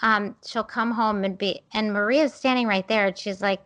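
A woman's voice: mid-range voice, fairly even intonation, moderate pace, hardly any pauses, fairly bright tone. A woman in her thirties co-hosting a podcast, telling rambling, self-deprecating stories in casual chat with many fillers. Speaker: podcast co-host.

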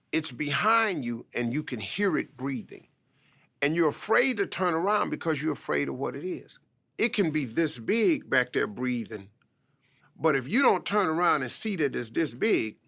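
A man's voice: fairly high pitch, creaky, pushed and bright. A man telling a life story in an emphatic motivational style, often stressing points with "man".

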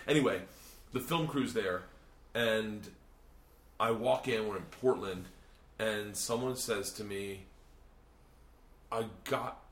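A man hosting a podcast, telling a long story in casual chat, swearing a lot and rambling with animated energy. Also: mid-range voice. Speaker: podcast host and comedian. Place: hotel room. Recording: roomy hotel room echo.

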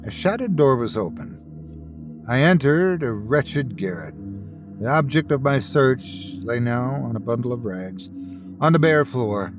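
Expressive male ghost-story narrator. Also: medium pitch, a little slow, music in the background. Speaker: host and storyteller. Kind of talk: dramatic reading of a ghost story.

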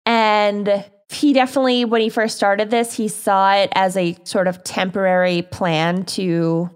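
A woman's voice: medium pitch, fairly even intonation, unhurried, smooth. Female podcast co-host, casual true-crime storyteller, chatty and giggly. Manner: chatty, giggly, reads out quotes.

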